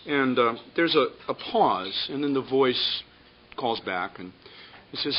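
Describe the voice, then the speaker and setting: A man moderating a panel before an audience, telling a joke and introducing speakers in a relaxed, halting way. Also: mid-range voice. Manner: relaxed, with frequent ums and restarts. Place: conference room with an audience. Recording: dull lo-fi audio with faint hiss.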